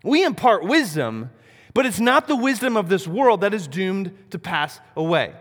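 A man preaching a sermon, animated, asking rhetorical questions and swinging between loud and soft. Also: high-pitched, moderate pace. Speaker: pastor. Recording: long reverb of a large hall.

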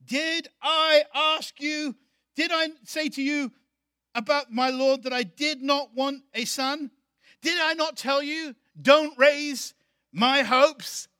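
A man's voice: extremely high pitch, steady tone, slow, sharp tone, no room sound, studio quality, voice pushed up, full character voice. A man preaching a sermon voices a grieving mother who is angry and pleading, firing off accusing questions. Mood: bitter.

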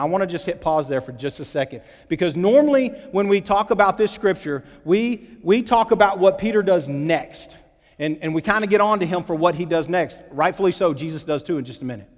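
A man preaching a sermon in a church, lively and acting out the quotes with big swings in pitch and loudness. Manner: animated, acts out quotes with shifting pitch and volume. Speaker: pastor. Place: church sanctuary. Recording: long hall reverb.

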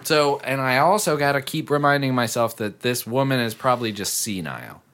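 A man's voice: mid-range voice, animated, brisk, a bit bright. A man telling a story in casual chat, rambling with many fillers and lots of swearing.

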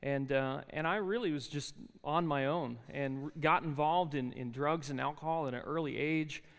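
A man in his forties with a New Jersey accent preaches in a large chapel, and his voice rings out in a long hall reverb. His voice sits a little high and sounds smooth and resonant. He tells his story in a loose, chatty way, full of ums and restarts. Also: normal speed. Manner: conversational storytelling with frequent fillers and restarts. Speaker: chapel speaker. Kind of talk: sermon with personal testimony.

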